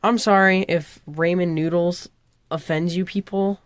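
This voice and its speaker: A woman's voice: fairly low pitch, steady tone, measured pace, no echo. A woman vlogger talking to camera in a casual, rambling rant, often correcting herself. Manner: rambling, self-correcting, chatty.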